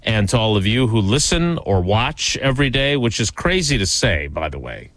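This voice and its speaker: A man's voice: fairly low pitch, big pitch swings, normal speed, fairly bright tone, no echo. A man hosting a casual talk show, thanking listeners and teasing his co-host in a wry way. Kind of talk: casual chat.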